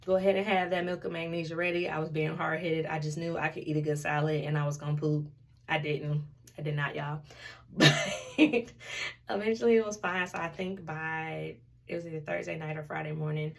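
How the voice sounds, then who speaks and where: A young woman talks through her story in a casual vlog, her voice low and gravelly. She sits a little back from the mic, and she is candid and animated as she acts out every exchange. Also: far from the mic. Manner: chatty, candid, animated retelling with quoted dialogue. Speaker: vlogger.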